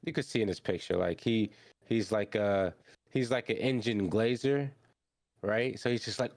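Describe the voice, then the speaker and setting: A young man hosting an anime podcast, recapping an episode in animated, slangy storytelling full of fillers and restarts. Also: fairly low pitch, moderate pace, no room sound, clean studio sound.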